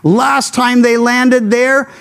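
A man's voice: very high voice, steady tone, takes it slowly, creaky, fairly bright tone. A man preaching a radio sermon, teaching through a Bible passage in a conversational, folksy storytelling way with casual asides. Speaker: pastor.

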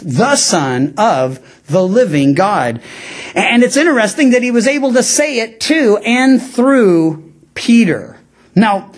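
A high-voiced male pastor delivers an expository Bible teaching sermon conversationally, with frequent asides and quoted lines he acts out.

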